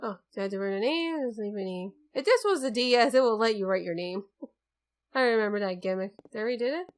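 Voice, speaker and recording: A young woman gamer doing a let's play offers casual, chatty, wisecracking commentary about the video game she is playing. She talks fast in an animated mid-range voice, with faint game music in the background.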